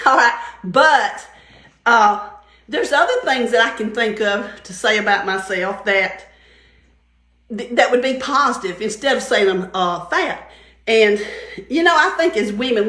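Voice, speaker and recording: Chatty older woman in a roomy room. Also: sharp tone. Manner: chatty storyteller, laughs often, mimics others in a higher voice. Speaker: vlogger sharing faith-based encouragement. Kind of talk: casual devotional talk. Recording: roomy echo.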